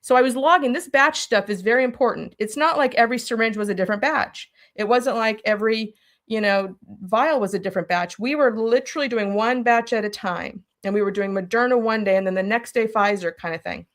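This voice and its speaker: Interview guest, woman, slightly high pitch, lively storyteller who talks straight to the audience. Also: brisk. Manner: animated, talks straight to listeners. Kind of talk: personal storytelling.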